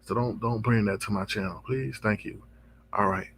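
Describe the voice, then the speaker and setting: A man with a gravelly, slightly husky voice hosts his own commentary channel. He talks casually and reacts to gossip with stretched-out exclamations. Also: fairly low pitch, steady tone, moderate pace, a bit bright, no echo. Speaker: drama commentary channel host.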